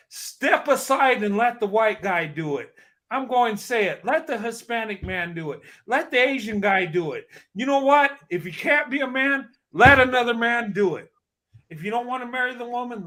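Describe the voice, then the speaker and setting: Man in his fifties, high-pitched voice, impassioned testimony, emphatic and repetitive. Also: lively intonation, normal speed, pushed and bright. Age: 50s. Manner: emotional, emphatic, repeats himself.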